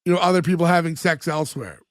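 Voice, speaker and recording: A man co-hosting a podcast, retelling sitcom scenes in casual chat, full of "like" fillers and quick laughs. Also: on the high side, no echo, studio quality. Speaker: podcast co-host.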